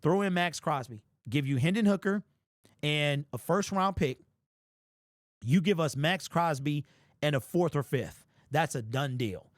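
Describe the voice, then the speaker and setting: A man talks sports in a loose, animated monologue, addressing his viewers directly and hammering his points with repetition. His voice sits somewhat high for a man, and the recording is dry and close with almost no room sound. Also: unhurried, dry recording. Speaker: sports commentary channel host. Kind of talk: casual football commentary monologue.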